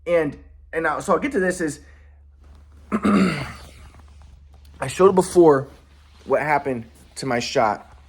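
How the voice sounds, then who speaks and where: A man's voice: a little high, lively intonation, slow pace, pauses often. A man in a rambling personal monologue who sounds aggrieved, often restarts his sentences, and swears. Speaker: vlogger.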